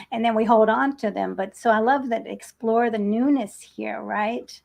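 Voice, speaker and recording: A woman's voice: on the high side, a little slow, creaky, a little mellow. A woman hosting an interview, asking earnest, searching questions and repeating herself as she forms them. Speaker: host.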